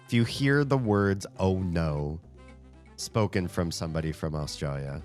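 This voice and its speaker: A man's voice: low voice, sing-song, normal speed. A man streaming a rhythm game, chatting casually and thinking aloud between plays, often chuckling. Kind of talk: casual chat while gaming. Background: faint game music.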